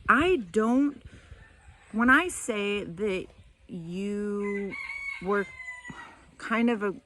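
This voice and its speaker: A woman's voice: mid-range voice, extremely slow, noisy background. A middle-aged woman telling a personal story in a candid, rambling way, tearing up at times. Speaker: vlogger.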